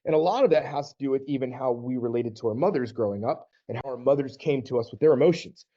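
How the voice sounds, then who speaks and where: A man's voice: medium pitch, fast, mellow. A man from the Southern United States, a men's divorce coach, talking earnestly and conversationally to camera and acting out little quoted exchanges. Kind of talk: direct-to-camera coaching talk. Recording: slightly dull lo-fi audio.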